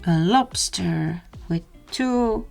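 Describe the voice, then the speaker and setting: A woman slowly naming animals for a baby in a playful sing-song way, imitating animal sounds and sometimes dropping to a soft whisper. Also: lowish voice, animated, creaky, faint music behind. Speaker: children's video presenter.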